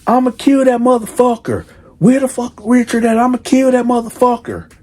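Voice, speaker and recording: A man voicing a furious father who shouts threats over the phone. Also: very high voice, normal speed, voice pushed up. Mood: enraged.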